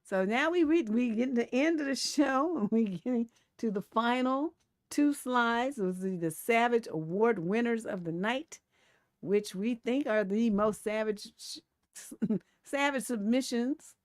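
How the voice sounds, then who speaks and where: A woman's voice: on the high side, measured pace, dry recording, clean studio sound. Blunt, laughing woman live-stream host. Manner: blunt, laughing, acts out quotes in animated voices. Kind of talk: casual live stream commentary.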